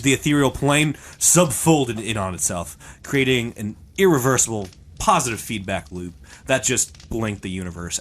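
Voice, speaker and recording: A man's voice: on the low side, a bit bright. Man narrating in a dry, mock-grand voice. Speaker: podcast co-host. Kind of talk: mock-epic comedic narration and banter.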